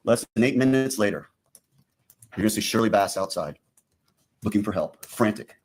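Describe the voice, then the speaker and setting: A man's voice: fairly low pitch, animated, normal speed. Man giving a courtroom opening statement. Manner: addresses the jury directly, repeating "you're gonna". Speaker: prosecutor.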